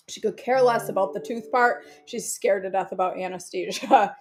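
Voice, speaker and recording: A woman's voice: mid-range voice, normal speed, slight background noise. A woman, chatting and joking to herself while she cooks for her vlog. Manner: giggly, joking, talks to herself. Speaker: cooking vlogger. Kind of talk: casual chat while cooking.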